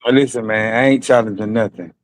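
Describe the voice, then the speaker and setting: A man's voice: lowish voice, steady tone, fairly quick. A man calling into a livestream, laid-back and dismissive, talking over the host. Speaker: caller on a livestream.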